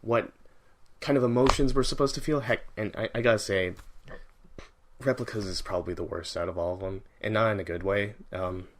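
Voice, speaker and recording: A man with a fairly low voice talks a little fast as he reviews a movie on first reaction. It's casual and rambling, heavily profane and excitable, and he repeatedly restarts his sentences.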